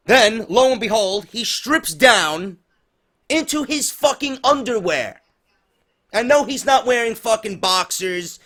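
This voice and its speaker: A man's voice: sits high, lively intonation, slow, a bit bright. A man ranting through a profane, sarcastic review of a wrestling show, exasperated and mocking. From New York.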